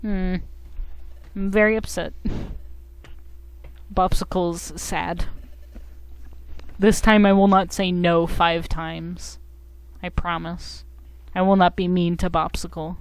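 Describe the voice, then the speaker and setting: A woman's voice: on the low side, level tone, slow pace, pauses often, dry recording. A young woman streaming a video game, chatting casually with goofy, giggly, self-mocking commentary.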